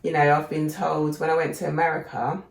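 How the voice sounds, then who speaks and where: Brief: woman podcast co-host, very low gravelly voice, animated storyteller, roomy echo. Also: fairly quick. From England. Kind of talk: casual chat.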